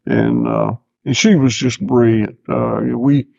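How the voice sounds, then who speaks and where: A man's voice: mid-range voice, steady tone, slow, creaky, darkish tone, no room sound. An older man, a farmer guest, chatting casually in an interview with laid-back, dry self-mocking humor. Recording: slightly dull lo-fi sound.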